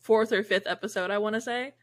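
A woman's voice: medium pitch, fairly even intonation, fast. A young woman co-hosting a casual podcast, talking loosely with lots of "like" and swearing. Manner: loose and profane, fills with "like". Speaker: podcast co-host.

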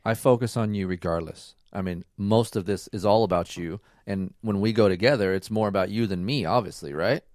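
Animated storytelling dad in a dry room. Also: male voice, lowish voice, a little fast, few pauses, no room sound. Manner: animated, rambling, acts out dialogue, swears casually. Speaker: podcast host and racing dad. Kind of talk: casual storytelling chat.

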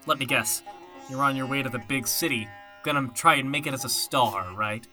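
A woman voicing a sinister cult leader of a woodland commune, low, soothing and coaxing. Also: normal speed, sharp tone, soft background music.

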